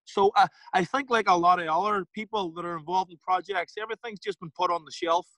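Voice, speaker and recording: A man with a Derry Northern Irish accent, a podcast guest telling stories in a casual, animated way, acting out other people's lines and swearing freely. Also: sits high, quick pace, no echo, rough recording. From Northern Ireland. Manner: animated, acts out quoted voices, swears casually. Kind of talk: casual storytelling interview.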